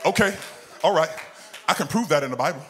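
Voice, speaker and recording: With organ music underneath and some background noise, this pastor delivers call-and-response preaching in a church sanctuary. His slightly high voice moves fairly quickly with lively intonation as he rises into sung whoops.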